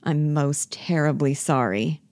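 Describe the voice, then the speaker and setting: A woman's voice: low voice, unhurried, a little mellow, dry recording. A woman reading the part of an awkward, guilty young man who keeps apologizing. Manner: apologetic, curt. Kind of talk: play reading.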